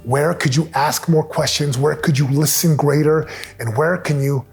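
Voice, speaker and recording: A man's voice: a little high, moderate pace, gravelly, a little mellow, faint music behind. A middle-aged man giving an earnest, emphatic motivational talk on family advice, acting out quotes as he goes.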